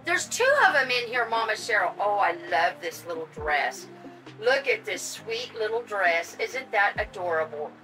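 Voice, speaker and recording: An older woman, gushing and excitable as she unboxes dolls in a casual vlog and chats to her viewers. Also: medium pitch, normal speed, faint music behind, poor audio. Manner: gushing, excitable, talks to her audience and pets. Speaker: vlogger unboxing reborn dolls.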